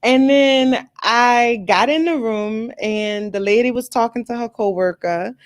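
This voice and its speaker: A woman's voice: on the high side, unhurried, no echo, clean studio sound. A woman hosting a live stream, chatting casually and candidly to her viewers, telling a personal story with lots of fillers and repeated words.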